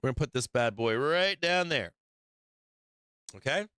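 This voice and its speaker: A man with an expressive, unhurried, mid-range voice, a bit bright and clean, hosts a stock market stream with no room sound. He talks through charts in a brash, profane, hyped-up way, addressing viewers directly in casual live chart commentary.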